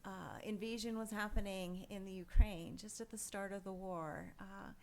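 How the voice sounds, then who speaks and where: A woman moderating a forum asks a guest measured, gentle questions. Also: mid-range voice, fairly even intonation, creaky. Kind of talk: forum interview.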